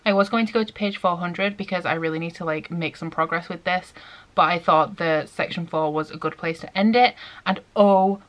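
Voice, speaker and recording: A young woman chatting excitedly in a casual reading vlog, full of "like" fillers. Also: on the low side, a little fast. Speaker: book vlogger.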